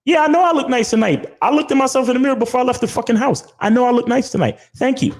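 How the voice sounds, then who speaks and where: A woman's voice: high voice, fast talker, darkish tone, voice pushed up. A man voicing a sassy woman on a date who scoffs at a plain compliment, with a sarcastic, dismissive manner.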